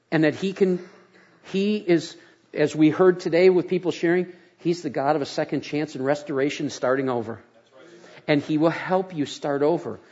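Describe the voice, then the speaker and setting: An older man preaching a sermon as a pastor, folksy and conversational, with animated storytelling. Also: a little high, highs cut off.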